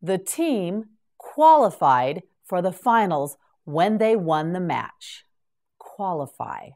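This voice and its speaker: A woman teaching English to beginners, carefully enunciating each word and repeating it in a slow vocabulary drill. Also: on the low side, very animated, mellow.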